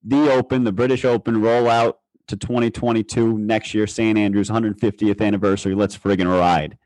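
A young man with a low, deep voice, talking fast and hyped about golf as a podcast co-host. He rambles and swears casually. The sound is dry and close. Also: flat delivery, a little mellow, no echo.

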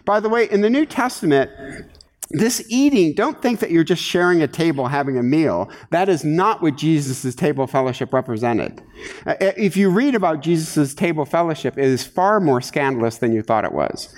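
A man's voice: a little high, brisk. A middle-aged male pastor preaching a sermon, acting out voices as he teaches. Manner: animated, acts out muttering voices. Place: church sanctuary. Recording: reverberant hall.

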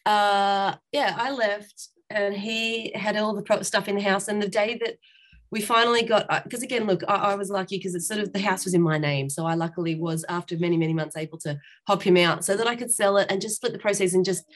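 A woman speaks as a guest in an interview, recounting her own experiences openly. Her voice sits at an ordinary middle pitch, and she talks in loose, rambling sentences with restarts and the odd laugh. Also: fairly even intonation, a little fast. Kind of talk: candid personal storytelling.

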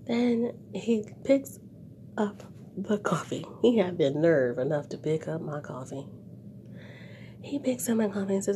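A woman vlogger telling a story to her viewers in a casual, animated way, with wry asides, and ending on a moral lesson. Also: mid-range voice, a little slow, slight background noise.

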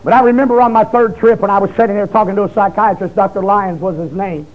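A man preaches a fiery testimony, his voice pitched high. He breaks into shouted, pleading bursts. The recording is dull and muffled, like an old tape. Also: steady tone, fast talker.

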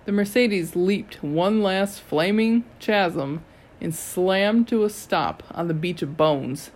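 A reader giving a steady, first-person audiobook narration. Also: mid-range voice, slow pace.

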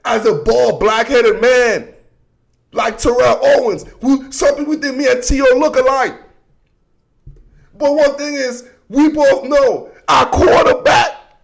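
A man hosting a casual football commentary show, talking in an animated, slangy, joking way that swings between shouts and mutters. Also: very high-pitched, slow, creaky.

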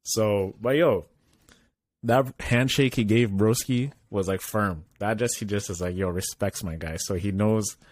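A man co-hosting a podcast in casual chat. He tells stories in a laid-back, slangy way and often trails off softly. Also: lowish voice, a little slow, no echo. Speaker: podcast co-host.

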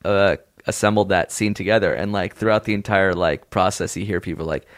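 A young man with a low voice chats easily on a podcast. He is relaxed and quick to laugh. The mic is close and dry. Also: no echo. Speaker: podcast co-host and actor. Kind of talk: casual chat.

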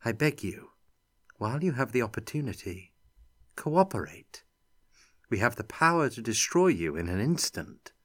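A man voicing a shrewd female envoy who speaks smoothly and placatingly, with an edge of threat. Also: mid-range voice, very animated, normal speed, long pauses, fairly bright tone, voice pushed up. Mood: diplomatic.

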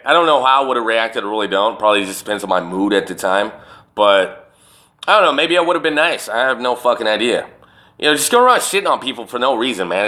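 A man's voice: medium pitch, sharp tone. A man hosting a solo podcast, talking in a rambling, profane and emphatic way. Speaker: podcast host. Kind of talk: casual solo podcast rant.

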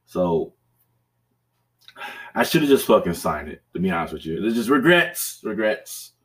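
A man's voice: sits low, big pitch swings, unhurried. Profane rambling man telling stories. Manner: profane, rambling, with laughs and restarts. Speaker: podcast host. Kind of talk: casual storytelling chat.

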